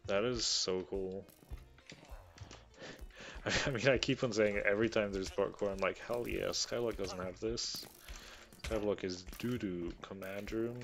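A man giving casual gameplay commentary, chatty and excitable, swearing casually as he plays. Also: fairly low pitch, a little slow, creaky, long pauses, faint music behind. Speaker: gaming YouTuber.

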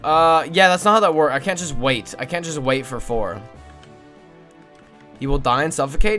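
A woman streaming a video game, chatting casually with her viewers and swinging between squealing joy and mumbled asides. She coos in a high baby voice at a pet. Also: expressive, moderate pace, pauses often, a bit bright, soft background music. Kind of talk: casual live-stream gaming commentary.

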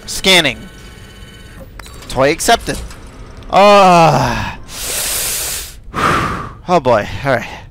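A man's voice: a little high, big pitch swings, extremely slow, gravelly, pauses often, fairly bright tone. A man giving let's play commentary, chatting to game characters and yelping when chased. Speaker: gaming video creator.

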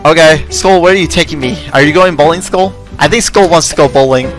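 A young man commenting excitedly on his gameplay, often yelping and shouting. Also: on the high side, brisk. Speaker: gaming video host. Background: game music.

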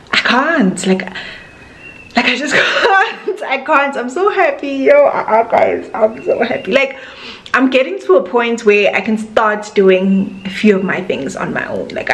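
A woman in her twenties with a South African accent, talking to camera in a casual vlog, gushing and emotional with many fillers. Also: medium pitch. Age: 20s. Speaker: vlogger.

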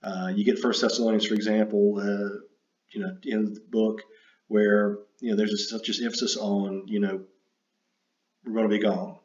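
A man giving an unscripted lecture, halting and full of fillers and self-corrections. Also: lowish voice, little pitch movement, a little mellow. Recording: dull roomy recording.

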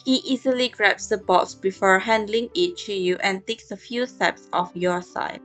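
A woman calmly narrating a romance story in second person and reading the heroine's lines in a soft, even voice. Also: medium pitch, normal speed, faint music behind.

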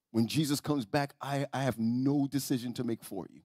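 Male pastor, storytelling sermon, husky tone, stammering repeats, soft-to-loud swings. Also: medium pitch, normal speed, few pauses, no echo, clean studio sound. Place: church sanctuary.

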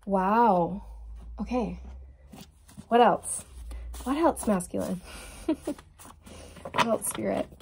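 Woman doing a tarot reading for her viewers, chatty and gushy, normal mid-pitched voice. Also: slow, creaky, long pauses, background noise. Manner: gushing, excitable, speaks straight to viewers. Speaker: tarot reader.

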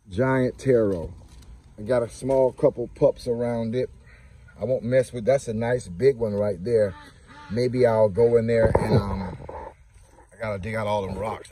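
A man's voice: fairly low pitch, darkish tone, slightly rough. A man giving a casual, chatty walking tour of his garden plants outdoors, talking straight to his viewers. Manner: chatty, talks to viewers and scolds his ducks. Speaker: homestead vlogger. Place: outdoors in a yard.

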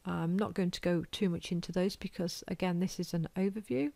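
A British woman lecturing in a loose, informal way, working through examples aloud and making light of her own drawing. Her voice sits low with a gravelly edge. The sound is dry and close. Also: steady tone, a little fast, dark tone, no room sound. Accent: British English. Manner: informal, self-deprecating, thinks aloud while drawing. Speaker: college lecturer. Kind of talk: recorded whiteboard lecture.

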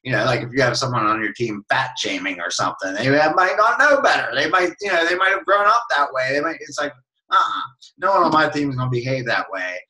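A man's voice: medium pitch, quick pace, poor audio. A man on a team call telling a story casually, acting out quotes and laughing along. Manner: animated, acts out quoted voices, laughs along.

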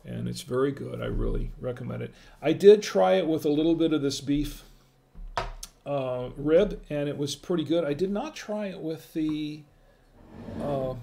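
Chatty man with a gravelly voice. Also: a little high, a little hiss or hum. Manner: chatty, greets viewers in the chat by name. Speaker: wine stream host. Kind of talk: casual live-stream wine tasting.

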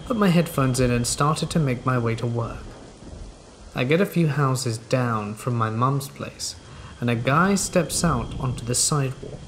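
A man reading scary stories aloud in a measured, steady scripted narration. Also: medium pitch, a little hiss or hum, poor audio. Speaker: horror story narrator. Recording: rain sounds under the narration. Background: rain.

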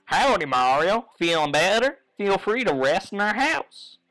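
A man's voice: high-pitched, very animated, unhurried, a bit bright, voice pushed up, exaggerated voice. A man doing a hearty folksy Goomba dad. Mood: cheerful.

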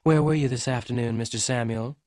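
A man's voice: mid-range voice, a little fast, darkish tone, dry recording, clean studio sound, lightly acted. A man reading an audiobook voicing a young blonde woman who speaks curtly and coldly to a hired detective. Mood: cold, sharp. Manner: curt, icy delivery. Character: young blonde woman client, sharp and cold. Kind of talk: audiobook reading for English learners.

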